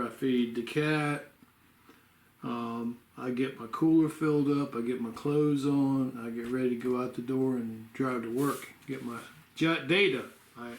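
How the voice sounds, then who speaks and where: A man vlogging casually at home in the evening, rambling and sleepy, stopping now and then to yawn. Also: mid-range voice. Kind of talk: casual home health vlog. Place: home room. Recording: roomy echo.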